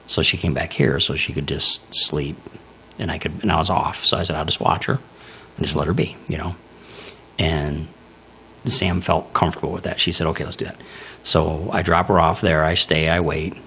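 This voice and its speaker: A man's voice: a bass voice, moderate pace, vocal fry, a little hiss or hum. A man hosting a casual podcast, telling a family story with lots of laughter. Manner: animated storyteller, laughs often. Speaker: podcast host.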